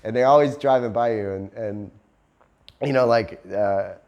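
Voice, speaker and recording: A man's voice: lowish voice, moderate pace, darkish tone, muffled recording. A man telling a casual story for a vlog, laughing often, swearing freely and acting out other people's voices. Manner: laughing often, loose and profane, acts out voices. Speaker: vlogger. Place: living in Cambodia.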